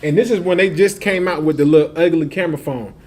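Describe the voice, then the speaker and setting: A man's voice: a little high, quick pace, darkish tone. A man telling a long street story in casual slang, laughing often and acting out the other voices.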